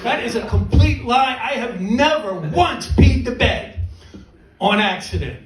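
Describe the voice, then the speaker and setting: Animated stand-up comic man, roomy club. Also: extremely high pitch, measured pace, over music. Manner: rambling, self-mocking, lively delivery. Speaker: stand-up comedian. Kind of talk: stand-up comedy set. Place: comedy club stage. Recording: roomy club from a distance with crowd laughter.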